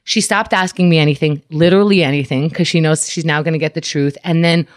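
A woman's voice: deep voice, quick pace, no room sound. Frank young woman, dry close sound. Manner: candid, animated storytelling, acts out quotes. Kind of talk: casual chat.

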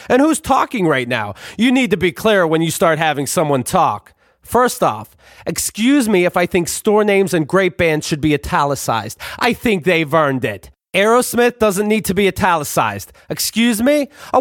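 A man's voice: sits high, fairly bright tone, no room sound, studio quality. A man reading his own book aloud in a sarcastic, ranting, profane way, throwing in asides to the listener.

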